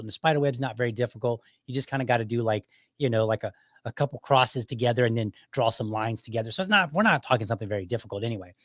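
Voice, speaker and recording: A man's voice: mid-range voice, a bit bright, dry recording. A middle-aged man hosting his own show, telling a casual story in a loose, conversational way and chuckling often as he goes. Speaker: podcast host.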